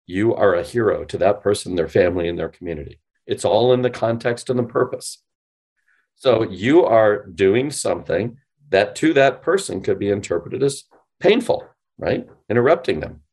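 A man being interviewed on a podcast, explaining with animated, demonstrative delivery and acting out example phone lines. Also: fairly low pitch, moderate pace, breathy edge. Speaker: guest, sales company CEO.

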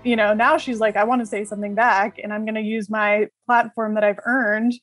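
A woman's voice: mid-range voice, little pitch movement, brisk, fairly bright tone, soft background music, rough recording. A woman podcast host asking thoughtful, probing questions. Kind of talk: conversational podcast hosting.

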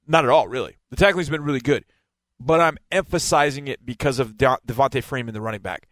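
A man's voice: medium pitch, quick pace, fairly bright tone, no room sound. Emphatic man breaking down football. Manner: explanatory, emphatic, repeats key words. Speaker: football analyst.

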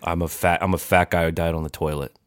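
A man doing a deliberately flat, bored impression of an adult male singer. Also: low voice. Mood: deadpan.

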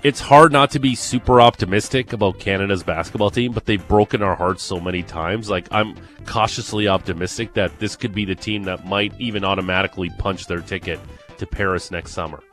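A man's voice: low-pitched, fairly quick, a bit bright, faint music behind. A man hosting a sports radio show, chatting casually and reading promos and previews. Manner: upbeat, reads promos and previews.

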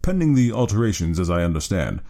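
A man reading an audiobook, voicing a cool, calculating detective in a measured, clipped way. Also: low voice, sing-song, warm tone. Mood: calm.

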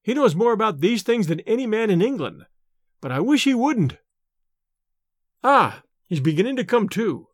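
A man's voice: high-pitched, sing-song, moderate pace, pauses often, no room sound, clean studio sound, pitched above the performer's own voice. A man voicing a nervous, overwrought young male scholar in a storybook reading, speaking in an agitated, fretful way.

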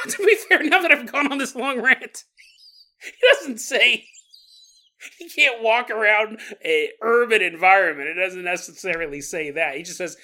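Rambling, laughing podcast host, bright voice. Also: male voice, high-pitched, normal speed. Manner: rambling, laughs often, acts out quoted voices. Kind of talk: casual comedic monologue.

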